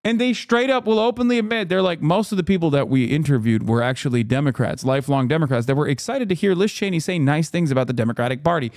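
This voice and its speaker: A man streaming political commentary, ranting in an animated, exasperated way and slipping into sarcastic mock voices. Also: on the high side, fast, few pauses, no echo, studio quality. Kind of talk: live-stream political commentary, reacting to chat.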